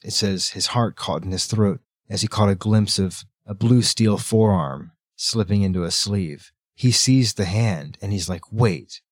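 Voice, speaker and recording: A man hosting a podcast, retelling a story with quick, lively character voices in a casual book-club chat. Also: lowish voice, no echo, studio quality. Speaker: podcast host.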